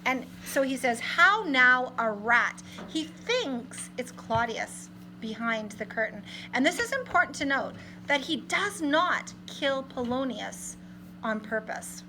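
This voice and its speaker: A woman's voice: sits high, very animated, unhurried, sharp tone, a little hiss or hum, low-quality recording. A woman English teacher giving a literature lesson, reading lines aloud and explaining them in plain modern paraphrase.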